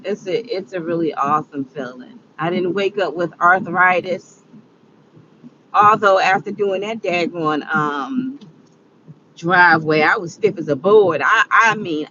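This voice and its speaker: A woman's voice: on the low side, measured pace, sharp tone, lo-fi sound, a little hiss or hum. A woman of forty talking casually to camera, rambling, repeating herself and laughing often. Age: 40s. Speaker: vlogger. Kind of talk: casual reflective talk to camera.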